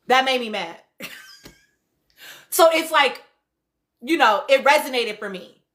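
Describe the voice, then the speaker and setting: Woman host, high bright voice, blunt and cussing in casual recap talk. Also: takes it slowly. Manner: blunt, profane, animated commentary with laughs. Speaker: podcast host. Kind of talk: casual reality-show recap livestream.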